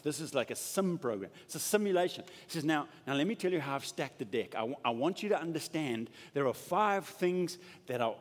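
A man preaching a sermon in a church, acting out quoted voices and dropping to soft asides. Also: medium pitch. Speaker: pastor. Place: church sanctuary. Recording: long hall reverb.

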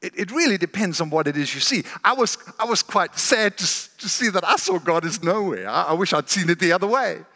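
A man's voice: high voice, animated, fairly quick, few pauses, bright, forceful tone. A man preaching a sermon as a guest speaker, earnest and often repeating words as he starts a phrase. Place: large church hall. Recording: long church hall reverb.

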